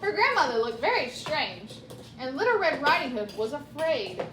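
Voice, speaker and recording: A woman reading a children's story aloud with lively, chatty asides. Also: high voice, moderate pace, reverberant, background noise. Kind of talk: animated read-aloud storytelling.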